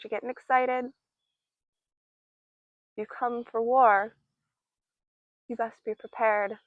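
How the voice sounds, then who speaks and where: A woman's voice: a little high, steady tone, slow pace, pauses often, dry recording, phone-quality sound. A young woman giving a casual tarot reading, chatty and playful, with many fillers and giggles. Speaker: tarot reader.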